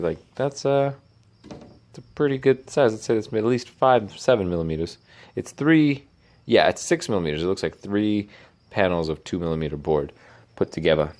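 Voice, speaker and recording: Rambling low-voiced man in his garage. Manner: rambling, chatty, self-mocking asides. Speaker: classic car restorer. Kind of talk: casual garage vlog. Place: garage workshop at night.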